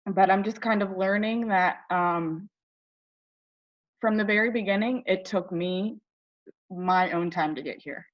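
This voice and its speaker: A direct sales team member from Ohio tells her personal story on a team call, her medium-pitched voice measured and broken by long pauses, with the highs cut off in the audio. She comes across as chatty and tearful, relying on many fillers.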